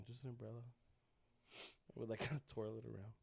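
A man's voice: mid-range voice, little pitch movement, brisk, creaky, husky, dry recording. A young man hosting a podcast, telling crude stories in casual chat and laughing often. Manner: profane, laughing storyteller. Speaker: podcast host.

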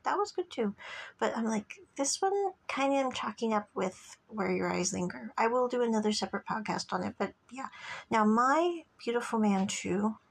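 A woman's voice: fairly high pitch, vocal fry, breathy edge. A woman hosting a casual solo podcast, talking in a chatty, rambling way and often dropping to a whisper. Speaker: podcast host reviewing dramas.

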